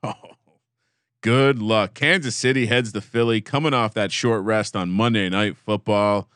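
A man's voice: on the low side, fairly even intonation, unhurried, fairly bright tone, no room sound, studio quality. A man hosting a casual sports betting chat, teasing his co-host as he reads the lines.

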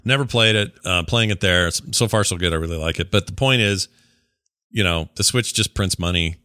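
Middle-aged male co-host, chatty and relaxed; somewhat low voice with a bright edge. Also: brisk, dry recording, studio quality. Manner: chatty, reads out chat questions. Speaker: podcast co-host. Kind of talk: casual live-streamed chat.

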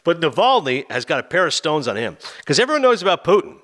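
A man's voice: a little high, fast. A man chatting casually as a film reviewer, animatedly acting out scenes. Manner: animated, acts out scenes with quoted voices. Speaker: film reviewer on a talk show. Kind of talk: casual chat.

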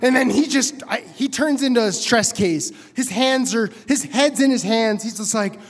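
A man telling a personal story live on stage, excitable and animated, chuckling as he goes. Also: very high-pitched, normal speed, hardly any pauses. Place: theater stage. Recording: long reverb of a live stage.

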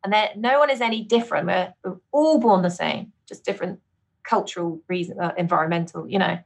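A middle-aged woman with a British accent, a vocal coach chatting as a guest on a podcast, laughing often and jumping into bright, high exclamations. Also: fairly quick, vocal fry. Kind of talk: casual interview chat.

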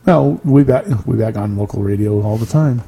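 A man's voice: on the low side, normal speed, creaky, dark tone, slight background noise, rough recording. A man co-hosting a podcast, chatting casually, teasing and laughing easily. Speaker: podcast co-host. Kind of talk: casual banter.

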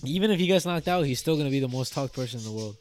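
A young man in his twenties co-hosting a podcast, chatting casually with slang and frequent swearing, getting animated in his rants. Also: mid-range voice, racing, a little hiss or hum. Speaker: podcast co-host. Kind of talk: casual chat.

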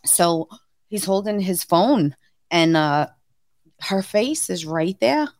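Woman in her 30s telling a story on a podcast, jumps way up in pitch on quotes, dry close mic. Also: slow, no echo. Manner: animated storyteller, acts out quotes with sudden high pitch. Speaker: podcast co-host. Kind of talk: casual chat, telling a birth story.

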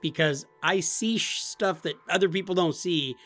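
A man from Nebraska co-hosting a podcast, telling animated stories and laughing as he talks. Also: high-pitched, normal speed, faint music behind. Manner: animated storyteller, laughs while talking. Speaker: podcast co-host. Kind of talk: casual storytelling chat.

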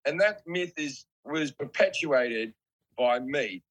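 An Australian man in his forties, a comedian guest, chats casually over a video call in a fairly high, slow voice with lively intonation. He comes across as laid-back and self-deprecating, and the recording is very noisy.

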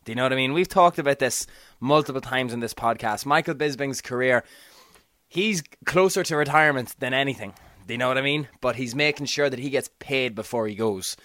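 An emphatic man co-hosting a casual sports podcast and pressing his points. He keeps checking whether his listener follows him. His voice has an ordinary male pitch and is picked up close and dry. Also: fairly quick, a bit bright, dry recording. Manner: emphatic, keeps asking "do you know what I mean". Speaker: podcast co-host.

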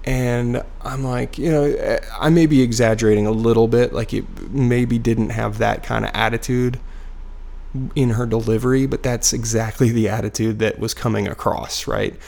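Man in his thirties, gravelly, vocal fry, casual rambling storytelling, self-deprecating, at home on a couch. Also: mid-range voice, fairly even intonation, normal speed, darkish tone. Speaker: vlogger telling a personal story. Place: living room couch at home, dog barking nearby.

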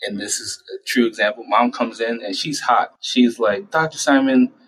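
A young adult man, a child psychiatrist, giving conversational interview answers and acting out parents and himself in quick little voices. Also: on the low side, flat delivery, a bit bright, slightly rough, rough recording. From United States.

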